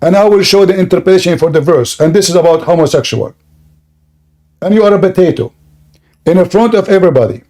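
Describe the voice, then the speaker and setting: Combative high-voiced man, straining throat. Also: lively intonation, fast, pauses often, dark tone. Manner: combative, insulting, repeats questions. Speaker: debate host. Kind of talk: heated online debate.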